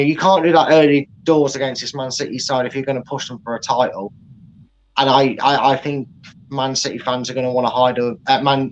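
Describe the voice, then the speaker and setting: A man, co-hosting a casual football chat and giving rambling, animated opinions. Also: mid-range voice, dull audio, a little hiss or hum. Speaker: co-host.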